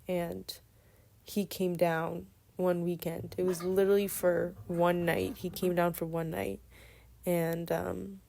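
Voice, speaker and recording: Twenties woman, kinda low voice, soft and meandering, just chatting out a story. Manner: meandering, soft-spoken, with many restarts. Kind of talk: casual storytelling.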